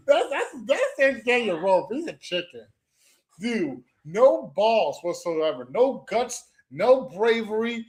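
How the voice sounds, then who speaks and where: A young man on a commentary stream, his voice sitting high and swooping all over as he rants. He trash-talks in mocking jabs, trips over his own restarts and keeps circling back to the same phrases. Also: very animated, slow pace, a little mellow. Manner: trash-talking, repetitive, stumbling restarts, mocking "moo" noises. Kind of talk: ranting call-out commentary.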